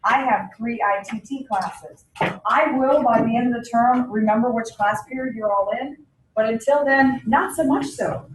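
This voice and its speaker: A woman teaching a class, telling lively anecdotes and acting out the people in them. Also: fairly high pitch, moderate pace, background noise. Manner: animated, acts out anecdotes. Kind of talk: classroom lecture. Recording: echoey classroom from far off.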